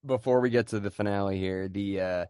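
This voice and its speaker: A man's voice: lowish voice, fairly even intonation, a little fast, dark tone, smooth, no echo, clean studio sound. A man hosting a podcast, chatting casually about a film, laid-back, swearing freely and steering the talk along.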